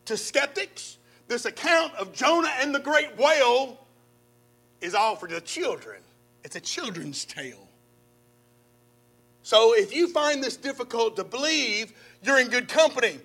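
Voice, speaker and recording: A man preaching a sermon, reading scripture dramatically with loud swells and sudden soft drops, then speaking directly to his listeners. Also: extremely high pitch. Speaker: pastor.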